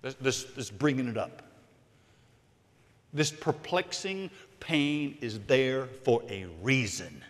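Emphatic pastor preaching in a reverberant hall. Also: male voice, mid-range voice, lively intonation, takes it slowly. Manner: emphatic preaching, swings from loud to hushed. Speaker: senior pastor. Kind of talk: sermon. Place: large church sanctuary.

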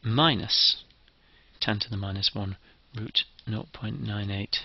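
A man's voice: fairly low pitch, steady tone, slow pace, creaky, slightly rough, no room sound, lo-fi sound. A man giving a methodical, step-by-step engineering lecture.

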